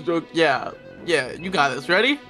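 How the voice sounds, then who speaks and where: High-voiced man, dry and teasing. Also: lively intonation, measured pace, loud music behind the voice. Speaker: role-play partner. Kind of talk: Minecraft role-play, playing a scientist.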